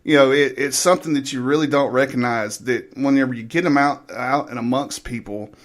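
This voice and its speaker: A man's voice: medium pitch, fairly quick. Southern-drawl man, guest on a casual talk show, easygoing storyteller who chuckles through it. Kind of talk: casual chat.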